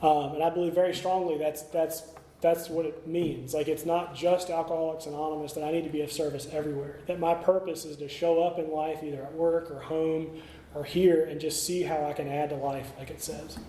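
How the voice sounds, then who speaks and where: A man's voice: fairly high pitch, steady tone, a little fast, dark tone, a little hiss or hum. A middle-aged man speaking at a recovery meeting, telling his story candidly with many fillers and restarts. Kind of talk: recovery talk. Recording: echoey meeting room, faint ambience.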